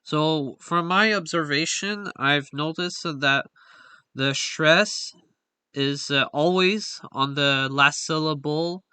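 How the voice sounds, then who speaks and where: A young man talks through a linguistics slide lesson at an unhurried pace, pausing on fillers and correcting himself as he goes. His voice is very bright and crisp. The recording is dry and close, with almost no room sound. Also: a little high, dry recording. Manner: hesitant, frequent "uh" fillers and self-corrections. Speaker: linguistics explainer. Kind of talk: slide lecture voice-over.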